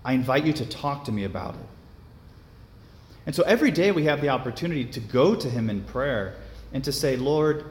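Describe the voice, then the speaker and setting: Conversational young man preaching in an echoey hall. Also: mid-range voice. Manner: conversational, filler-heavy with frequent restarts. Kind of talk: sermon.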